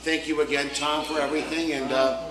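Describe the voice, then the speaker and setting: A polite man speaks as a guest at an evening talk. His voice is a little high. The room gives his words a clear echo. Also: level tone, a little fast. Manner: polite, grateful.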